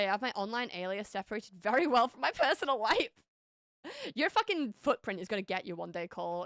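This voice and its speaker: A woman's voice: medium pitch, a bit bright, no echo, clean studio sound. Chatty Northern English woman streamer. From Northern England. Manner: chatty, laughs often, stammering restarts. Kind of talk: casual chat with viewers.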